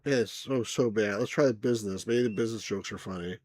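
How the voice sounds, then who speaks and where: A man's voice: on the low side, a little fast, a little mellow, dry recording, clean studio sound. A man casually commenting on an old computer game, with sarcastic, exasperated remarks. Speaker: game reviewer.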